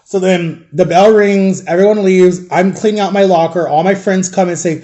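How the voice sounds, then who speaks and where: Man in his thirties, casual storyteller, slightly raised pitch, rambling, acts out voices. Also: a little fast, hardly any pauses, dark tone, highs cut off. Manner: rambling, heavy use of "like", acts out quoted people. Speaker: vlogger. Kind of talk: casual storytelling while eating.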